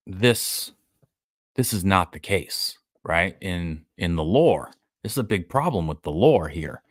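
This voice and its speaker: A man's voice: low voice, fairly bright tone, no echo, studio quality. A man hosting a casual live-stream podcast, breaking down a show with sarcasm and acting out characters' lines in a raised voice. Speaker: podcast host.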